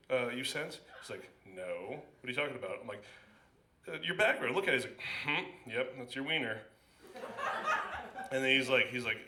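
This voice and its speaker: A man doing stand-up at an open mic in a small club, telling a long story in a rambling, halting way, with many restarts and fillers, and acting out his own panicked reactions. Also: mid-range voice, background noise. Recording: echoey club room.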